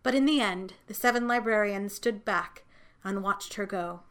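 A woman narrating a fantasy story in a gentle, measured storytelling voice. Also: medium pitch, clean tone. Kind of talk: audiobook fiction reading.

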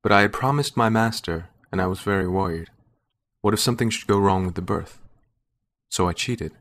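A man reading a first-person short story aloud in a measured storytelling manner. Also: sits low, a bit bright. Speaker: narrator. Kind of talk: scripted narration.

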